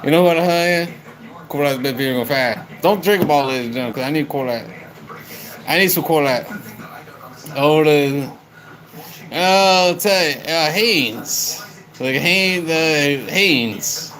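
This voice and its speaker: A man's voice: fairly high pitch, unhurried, pauses often, fairly bright tone, poor audio. A young man livestreaming, chatting loosely with viewers, calling them by name, rambling and swearing a lot. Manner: rowdy, repetitive, swears a lot.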